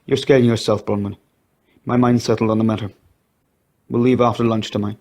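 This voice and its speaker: Male reader as a calm, unbending husband, lowish tone, quick and final. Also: lightly acted. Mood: firm. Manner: firm, flat and decisive. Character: stern husband, firm and controlling.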